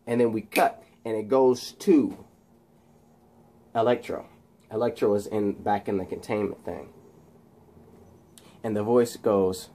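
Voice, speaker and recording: A man casually retelling his own fan story in an excited, rambling way, with sound effects thrown in. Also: lowish voice, unhurried, pauses often.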